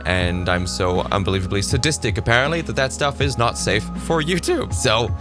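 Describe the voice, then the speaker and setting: A man giving sarcastic, animated commentary as he reacts to clips on his channel. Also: lowish voice, brisk, over music.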